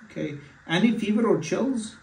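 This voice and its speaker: Gravelly male doctor, echoey room. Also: high voice, animated, normal speed. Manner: hesitant, many fillers and restarts. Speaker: physician. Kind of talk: mock patient consultation. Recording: echoey room, far from mic.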